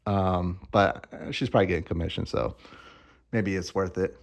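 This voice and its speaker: Young man, low-pitched voice, loose rambling vlogger, jokey, casual swearing. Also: fairly even intonation, moderate pace, gravelly. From Arizona. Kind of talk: casual chat.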